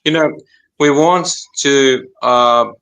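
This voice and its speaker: A bright-voiced man speaks slowly on a fan podcast panel. He breaks his speech into short, halting pieces and often repeats words. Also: mid-range voice, highs cut off. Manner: hesitant, halting, repeats himself. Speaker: panel guest. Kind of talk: casual podcast chat.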